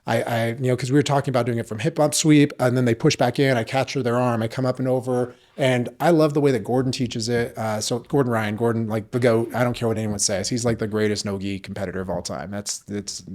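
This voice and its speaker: A man's voice: medium pitch, steady tone, fast talker, hardly any pauses, a little mellow. A man, a jiu-jitsu coach and podcast guest, telling stories in a loose, rambling way with lots of fillers and casual swearing. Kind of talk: casual storytelling chat.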